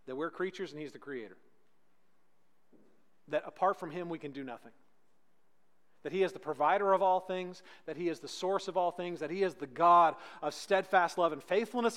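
A man preaching a sermon as pastor, swinging between loud emphatic peaks and hushed, slow lines. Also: a little high, long reverb tail.

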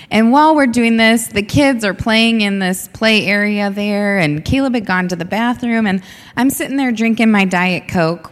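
A woman from the United States, a missionary guest, telling a funny story on stage in an animated, laughing way. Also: medium pitch. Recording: reverberant hall.

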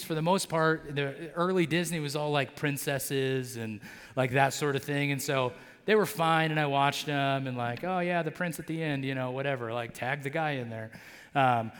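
A man's voice: fairly high pitch, fairly bright tone. A pastor delivers a sermon in a loose, chatty way, dropping in fillers and acting out characters' lines as he goes. His voice sits a little above average for a man. It rings out with the long reverb of a church hall. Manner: conversational, many fillers like "like" and "right?". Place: church sanctuary.

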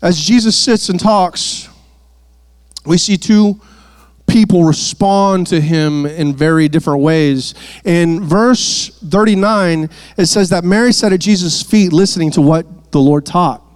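A man's voice: high voice, a little slow, smooth, no echo, studio quality. Man preaching a playful sermon. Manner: playful asides, repeats words.

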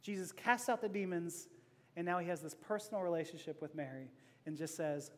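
A man preaching a sermon, playful and joking, dropping from loud to hushed and back. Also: high-pitched, expressive, normal speed, big-room sound. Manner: playful, laughing asides, swings from loud to hushed. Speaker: pastor.

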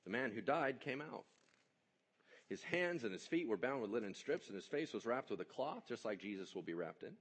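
A man preaching a sermon, telling the story with animated energy and joking asides. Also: medium pitch, normal speed, slightly rough. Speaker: pastor.

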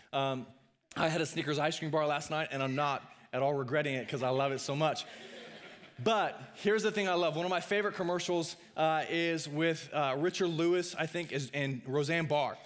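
A man preaching a sermon in a chatty, conversational way, often pausing on filler sounds and making quick asides to the congregation. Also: fairly high pitch, fairly bright tone. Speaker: pastor.

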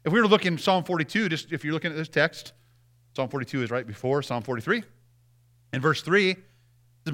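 A man's voice: fairly high pitch, a little fast, fairly bright tone. A man preaching a sermon as pastor, talking to the congregation in a conversational way, often checking in with them and repeating his words. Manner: repeats words and restarts phrases.

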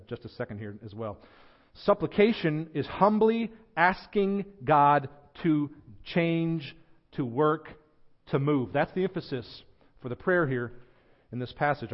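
Emphatic pastor preaching, lo-fi. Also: male voice, medium pitch. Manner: emphatic, slows and lifts voice on scripture quotes, drops quiet at phrase ends. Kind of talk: sermon. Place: church sanctuary.

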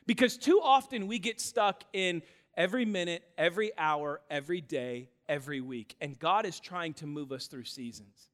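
A man in his thirties preaching a sermon in a church auditorium, telling stories in an animated way with self-deprecating humor. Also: on the high side, moderate pace, long reverb tail. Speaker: pastor.

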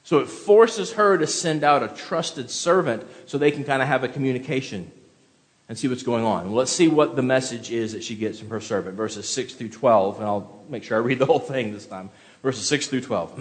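A pastor preaching an expository sermon in a conversational way, reading scripture aloud and asking listeners to follow along in the text. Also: male voice, on the high side, normal speed, big-room sound.

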